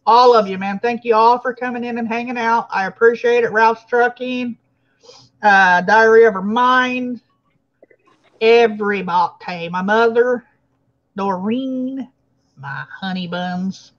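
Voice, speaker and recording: A woman's voice: on the high side, a little slow. A woman hosting a casual livestream, chatting and thanking viewers by name. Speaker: livestream host. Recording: lo-fi stream audio.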